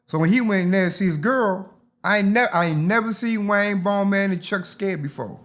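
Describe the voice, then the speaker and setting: A man's voice: high voice, a little fast, fairly bright tone. An older man, telling stories from his youth in a casual interview and acting out the voices. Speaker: interview guest.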